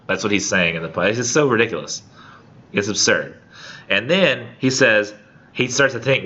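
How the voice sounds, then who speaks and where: A man's voice: fairly low pitch, a little fast, pushed and bright, lo-fi sound. A man in his thirties teaching a college literature class, reading a poem aloud and then explaining it in a chatty, joking way with lots of "like" and "um". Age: 30s. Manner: casual, chatty, frequent "like" and "um", jokey paraphrase. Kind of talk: classroom lecture with poetry reading.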